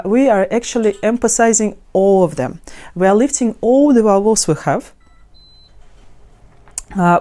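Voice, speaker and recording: Soft-toned woman teaching pronunciation. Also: fairly low pitch. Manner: halting, many restarts and fillers; demonstrates words slowly and melodically. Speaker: language teacher. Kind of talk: explaining pronunciation to camera.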